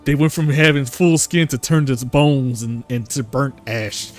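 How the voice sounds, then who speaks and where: A man's voice: medium pitch, measured pace, soft background music. A man narrating a tabletop game as game master, rambling with fillers and laughs.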